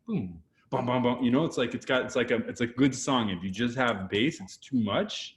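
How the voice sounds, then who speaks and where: Energetic Canadian man giving video tips. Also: mid-range voice. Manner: energetic, animated, acts out quotes. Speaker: guest photographer. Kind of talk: casual video interview.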